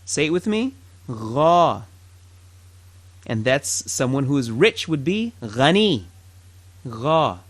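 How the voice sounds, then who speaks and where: A man's voice: a little high, dry recording. A man teaching a language lesson, patiently drilling each sound and asking the listener to repeat after him. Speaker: Arabic teacher.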